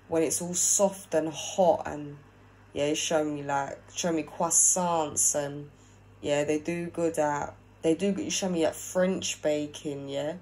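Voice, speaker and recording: A woman's voice: low-pitched, a little mellow, poor audio. A woman chatting casually as she relays a spirit's opinions, often checking with "yeah?" and repeating herself. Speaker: spiritual medium channeling a spirit. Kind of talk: casual spirit reading to camera.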